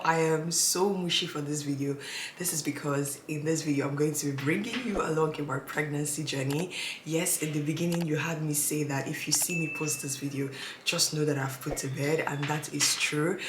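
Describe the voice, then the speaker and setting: A young woman, heavily pregnant, chatting casually to camera as a vlogger, lively and at times sinking into tired near-whispers. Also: sits low. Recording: echoey room with audible noise.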